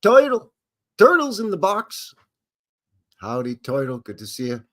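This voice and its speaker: A man's voice: high voice, wildly swooping pitch, unhurried. A Canadian man hosting a live stream in a folksy, jokey way, greeting chatters by name. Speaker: livestream host. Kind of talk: casual live-stream chat.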